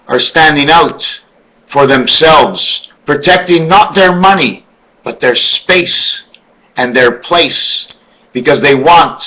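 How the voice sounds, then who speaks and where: A man's voice: a little high, pushed and bright, poor audio. A man delivering an emphatic, rambling monologue full of rhetorical questions. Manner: spells words out letter by letter. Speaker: video blogger.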